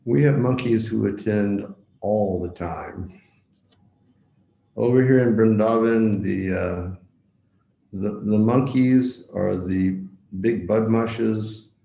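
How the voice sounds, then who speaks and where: A man's voice: on the low side, takes it slowly, creaky, dark tone, roomy sound, lo-fi sound. A man giving a devotional lecture as a visiting monk, telling a story, repeating words for emphasis and asking his listeners direct questions. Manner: asks the audience direct questions.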